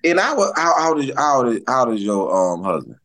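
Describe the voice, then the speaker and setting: A man's voice: medium pitch, sing-song, fast talker, a bit bright. A middle-aged male comedian telling stories in casual chat, slangy, repeating words and laughing often. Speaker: comedian guest.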